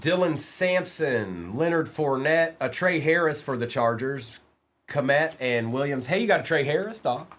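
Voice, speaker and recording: Male streamer, card break host: animated delivery, quick name calls, playful ribbing of viewers, faint hiss on the line. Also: a little high. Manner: rapid name-reading, teasing viewers, bursts of excitement.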